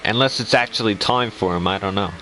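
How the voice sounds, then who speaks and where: Chatty low-voiced man calling a sim race. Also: a little fast, sharp tone, a little hiss or hum, rough recording. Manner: chatty, laughing often, teasing. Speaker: lead race commentator. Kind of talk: casual live sim racing commentary.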